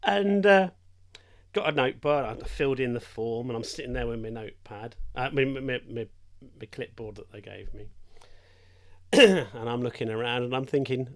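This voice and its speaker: A man's voice: mid-range voice, expressive, slow, long pauses, fairly bright tone. An older man presents hospital radio from a studio. He talks in a chatty, rambling storyteller's way and laughs often as he goes. His voice sits in the middle of the male range. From England. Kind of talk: casual chat.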